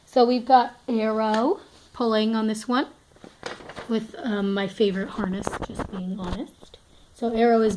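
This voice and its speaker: A woman's voice: on the high side, fairly even intonation, measured pace, darkish tone, slight background noise. A young woman giving a casual, rambling tour of her toy horse barn, full of fillers and self-corrections.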